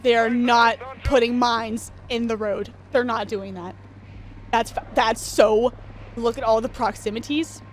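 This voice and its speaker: A young woman streaming a shooter game, chatting casually, laughing and talking back to the game with sudden excited yelps. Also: on the high side, unhurried, slight background noise. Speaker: streamer playing a shooter campaign. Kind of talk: casual let's-play commentary.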